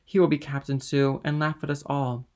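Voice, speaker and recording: A man's voice: a little high, flat delivery, normal speed, a little mellow, lightly acted. A man reading a sly scheming ship's officer.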